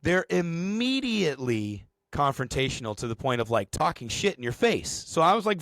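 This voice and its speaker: A man co-hosting a podcast, telling a story in casual, profane, animated fashion. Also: fairly high pitch, a little fast, few pauses, dry recording. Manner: animated, profane storytelling with shouted acted quotes. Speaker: podcast co-host.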